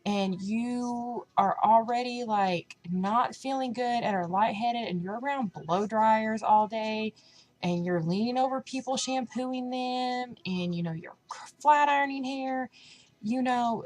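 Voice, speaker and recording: A young woman chatting casually on a diet vlog, full of fillers and animated retellings of what others said. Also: fairly high pitch, low-quality recording. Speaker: vlogger.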